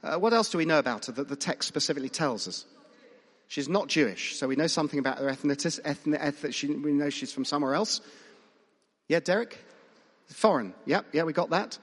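A man's voice: fairly high pitch, animated, a little fast, a bit bright. A man preaching a conversational sermon, asking the congregation questions and making emphatic points. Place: church hall. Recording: long reverb of a large church.

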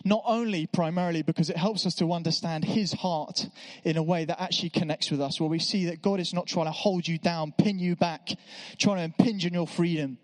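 A man's voice: fairly high pitch, steady tone, fairly quick, hardly any pauses. Man preaching in an echoey church. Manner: conversational, self-deprecating asides. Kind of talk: sermon.

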